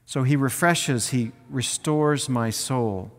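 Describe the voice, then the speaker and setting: A man preaching a sermon in an earnest way, slowing down on key phrases and leading the congregation to repeat lines after him. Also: medium pitch, in a large hall. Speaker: pastor.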